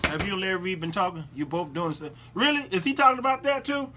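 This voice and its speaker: A male show host giving preachy, sarcastic commentary, animated and repetitive. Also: sits high, quick pace, hardly any pauses, noisy background.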